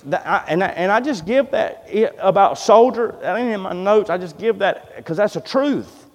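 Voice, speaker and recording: A man preaching a sermon in a church, fervent and emphatic, swinging between loud cries and quiet asides, repeating words as he builds. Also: high-pitched, moderate pace. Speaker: pastor. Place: church sanctuary. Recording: echoey church hall sound.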